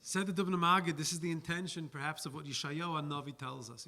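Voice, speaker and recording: Animated rabbi teaching Torah. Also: male voice, a little high, fast, hardly any pauses. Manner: animated, chatty, sprinkled with Yiddish and Hebrew words. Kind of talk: Torah lecture with storytelling.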